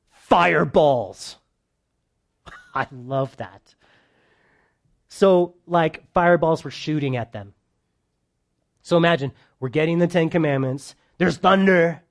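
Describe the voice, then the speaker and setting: A male pastor with a high, bright voice that climbs sharply when he gets excited. He teaches verse by verse before a live audience, joking and bantering with his listeners. His volume swings between loud bursts and soft, quiet asides. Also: slow, long pauses. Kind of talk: sermon, verse-by-verse Bible teaching.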